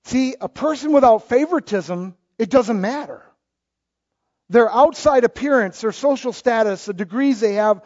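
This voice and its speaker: A high-pitched middle-aged man, delivering a sermon from the pulpit. He swings from loud, punchy lines to soft asides. The recording is dull and lo-fi. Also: animated, moderate pace. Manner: emphatic, swings between loud exclamations and quiet asides. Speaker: pastor.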